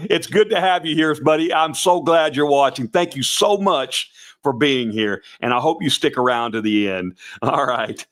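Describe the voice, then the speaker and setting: A middle-aged man with a slightly raspy voice chats casually to viewers on a live stream. He rambles in a folksy way, restarts his sentences and keeps calling people "brother" and "guys". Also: medium pitch, lively intonation, a little slow, a bit bright. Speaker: host of a Santa performer show.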